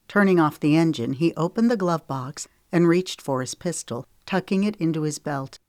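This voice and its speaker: Low-voiced woman reading an audiobook. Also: dry recording, clean studio sound. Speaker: audiobook narrator. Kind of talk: scripted audiobook narration.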